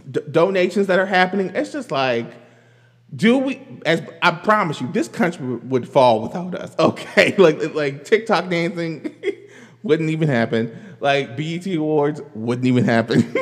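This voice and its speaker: A man with a high, very lively voice talks casually to his audience. He is animated, often breaks into laughter and drifts into rambling asides. A long reverb hangs on his voice. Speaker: commentary vlogger. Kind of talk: casual pop-culture commentary.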